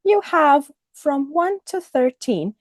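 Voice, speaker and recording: A woman teaching a recorded lesson, speaking clearly and deliberately and modelling the intonation of example phrases. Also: high-pitched, sing-song, dry recording, studio quality. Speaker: English teacher.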